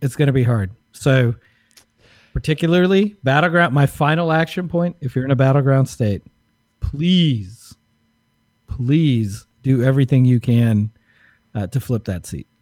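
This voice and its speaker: A man co-hosting a casual podcast, relaxed, mostly short agreeing replies. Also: mid-range voice, unhurried, no echo, clean studio sound. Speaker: podcast co-host.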